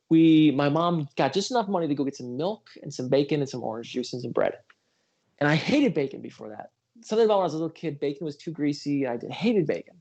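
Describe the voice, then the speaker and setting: His voice is on the high side and slightly mellow. He's a middle-aged political candidate from Western New York on a casual livestream, earnestly telling stories, apologizing that he's talked too long, and tossing in self-deprecating comments.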